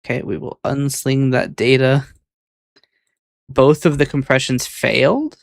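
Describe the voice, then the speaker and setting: A man casually talking to himself while editing his own clips, mildly exasperated as the software acts up. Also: mid-range voice, steady tone, measured pace, creaky, no echo.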